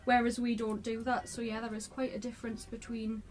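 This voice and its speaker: Young woman, flat mild northeastern voice. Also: on the high side, brisk. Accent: mild North East England. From North East England. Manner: chatty, thoughtful, a few ums. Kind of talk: casual interview answers.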